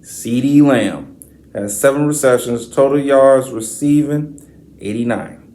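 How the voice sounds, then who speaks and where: Man, sports podcast host, slow delivery, profane slangy rant, stat-reading. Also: medium pitch. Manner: profane, slangy, exasperated trash talk; reads stat lines in a flat list.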